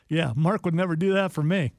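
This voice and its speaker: A man's voice: a little high, moderate pace, no echo, clean studio sound. A man from Ohio co-hosting a sports radio show, teasing his partner in casual chat. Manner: teasing, matter-of-fact. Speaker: radio co-host.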